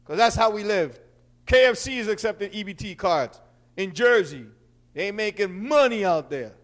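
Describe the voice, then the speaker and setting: Puerto rican guy hosting, super high voice, brash jokey rant with loud bursts. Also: animated, moderate pace. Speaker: host. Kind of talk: stand-up style monologue.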